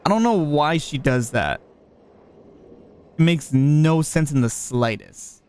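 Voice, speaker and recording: A man's voice: on the high side, lively intonation, takes it slowly, darkish tone, a little hiss or hum. A man streaming a park-building game, casually thinking aloud and chatting with viewers in a playful way. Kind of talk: casual livestream chat while building.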